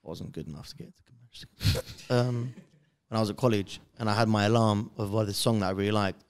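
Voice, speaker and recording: A man co-hosting a casual podcast chat, earnest and quick to laugh as he gives life advice. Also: fairly low pitch, fairly even intonation, clean tone. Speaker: podcast co-host.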